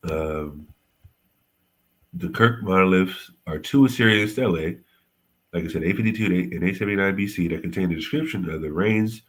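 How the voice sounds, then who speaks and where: A man hosting a casual livestream history lesson, halting and often correcting himself. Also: low voice. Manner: halting, frequent self-corrections and apologies. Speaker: host teaching history on a livestream.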